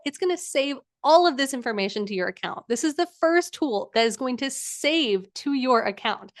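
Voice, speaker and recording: A young woman hosting a live workshop, walking through a design tool in a chatty, enthusiastic way with many fillers. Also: high voice. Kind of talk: casual live screen-share demo.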